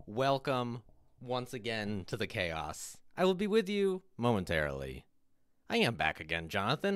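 A man's voice: mid-range voice, fairly bright tone, clean tone, no echo, studio quality. A man live-streaming a game, cheerfully greeting viewers in chat by name while fiddling with his setup.

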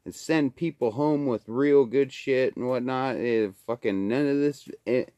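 A man's voice: medium pitch, unhurried, no echo. Foul-mouthed man ranting at home. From Alaska. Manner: profane, swearing constantly, grows into loud angry ranting. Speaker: vlogger. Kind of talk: casual ranting monologue. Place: home kitchen by a wood stove, indoors.

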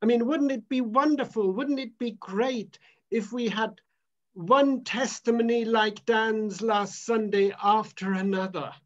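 A male minister with a high voice and fairly even intonation preaches a sermon very unhurriedly, repeating phrases and giving them emphatic weight. The recording sounds dull and lo-fi, its top end muffled.

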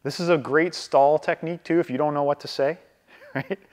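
Slightly high-voiced, a Canadian trainer teaches real estate live over a video call with a long reverb tail. He stays conversational, keeps tossing in "right?", and eases his pace on purpose to model calm.

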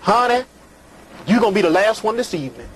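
A man's voice: high voice, very animated, a little fast, fairly bright tone, a little hiss or hum, poor audio. A man hosting a call-in show, ranting preachily at callers and crooning flirtatiously at others. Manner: preachy, rambling, hollering rants. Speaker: call-in show host giving readings.

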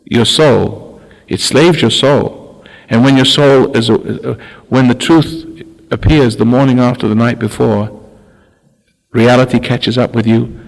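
A man's voice: mid-range voice, vocal fry. An older man giving a spiritual talk, often stopping, restarting and repeating words. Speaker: spiritual teacher. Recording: long hall reverb.

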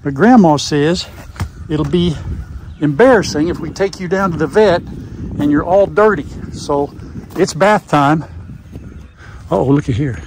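A man's voice: fairly high pitch, unhurried, long pauses, background noise. An older man hosting a casual farm vlog in a folksy, chatty way, recorded on a lapel mic. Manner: folksy and chatty, talks sweetly to dogs. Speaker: farm vlogger.

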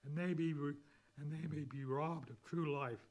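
A man preaching a sermon, slowly and deliberately reading scripture and hymn lyrics. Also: on the high side, steady tone, a little mellow, poor audio.

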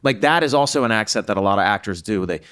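A man's voice: fairly low pitch, expressive, quick pace, fairly bright tone, clean tone. A man from the American South, co-hosting a podcast in casual, emphatic chat. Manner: emphatic, talks through points with many fillers. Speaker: podcast co-host.

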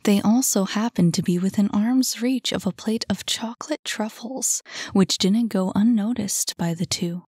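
A woman narrating a novel aloud in a soft, calm voice. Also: medium pitch, breathy edge, no room sound, studio quality. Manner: soft, calm, unhurried reading. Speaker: audiobook narrator. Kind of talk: scripted narration.

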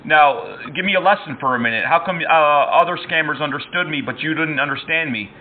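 A man calling scammers as a prank, talking calmly and mock-earnestly and throwing in broken Hindi words. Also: on the high side, fairly quick. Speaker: prank caller and show host. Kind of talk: prank phone call to scammers. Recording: tinny phone line.

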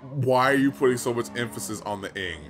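A man's voice: mid-range voice, a little fast, noisy background. A man commentating a video game as he plays, bantering in a profane, playfully exasperated way. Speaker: gameplay commentator. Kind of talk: let's play banter.

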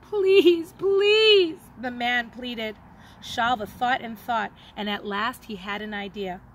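A woman teacher reading a children's story aloud in an expressive, dramatic way. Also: medium pitch, unhurried, slight background noise, rough recording.

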